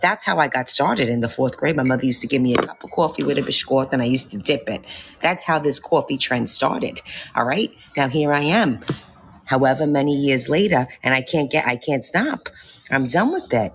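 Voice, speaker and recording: A woman's voice: rumbling low, moderate pace. A woman doing stand-up, telling a story by acting out both sides of a conversation. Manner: animated, retelling a conversation. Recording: faint background noise.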